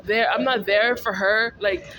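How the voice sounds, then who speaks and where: A woman's voice: mid-range voice, steady tone, a little slow, background noise. A woman venting in a casual vlog monologue, ranting and repeating herself in exasperation. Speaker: vlogger.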